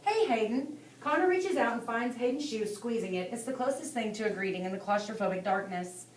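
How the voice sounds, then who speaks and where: A woman's voice: fairly high pitch, animated, a little fast. Woman narrating with an echoey sound. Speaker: audiobook narrator. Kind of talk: scripted narration. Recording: echoey room, distant mic, faint hiss.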